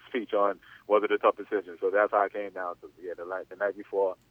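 A man in his thirties tells a long personal story at a quick clip. He rambles loosely and keeps padding it with "you know." His low voice comes through a thin, dry phone line. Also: flat delivery, no room sound. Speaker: interview guest, former athlete. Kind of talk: casual spoken storytelling.

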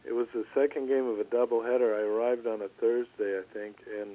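Older man telling stories over the phone. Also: medium pitch. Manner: relaxed, halting, lots of restarts. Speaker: former pitcher, guest. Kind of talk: storytelling interview. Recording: tinny phone line.

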